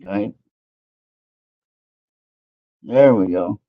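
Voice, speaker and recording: A man's voice: lowish voice, drawn-out words, no echo, narrow, tinny audio. A man hosting a casual tarot reading show, rambling and talking to himself as he fumbles with his phone. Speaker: tarot reader hosting an internet radio show. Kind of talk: casual live spiritual reading and chat.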